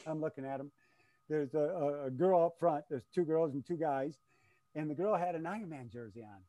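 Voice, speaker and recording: An older man telling stories in a casual chat, animated and laughing often as he acts out his shouts. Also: on the high side, a little fast, dry recording, rough recording. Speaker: guest, race announcer. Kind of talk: casual storytelling.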